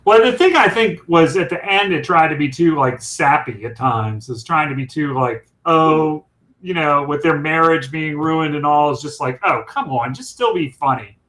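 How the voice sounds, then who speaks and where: A man's voice: on the high side, expressive, moderate pace, fairly bright tone, rough recording. Chatty man, casual podcast talk. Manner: rambling, chatty. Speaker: co-host. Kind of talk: casual chat.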